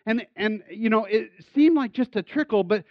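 High-voiced man preaching conversationally. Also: lively intonation, moderate pace, no echo, highs cut off. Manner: conversational, self-deprecating and enthusiastic with frequent restarts. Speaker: pastor. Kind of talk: sermon.

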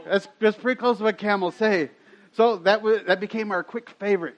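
A man's voice: high voice, brisk. A middle-aged man preaching a sermon as a pastor, telling stories in a chatty way and laughing often. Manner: chatty storytelling with frequent laughs. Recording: dull lo-fi sound.

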